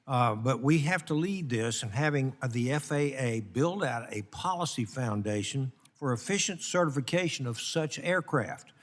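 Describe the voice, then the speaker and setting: Man from texas giving committee remarks, halting, lots of uh's, echoey hearing room. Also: medium pitch, animated. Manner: halting, many fillers. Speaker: committee member. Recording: long reverb of a hearing room.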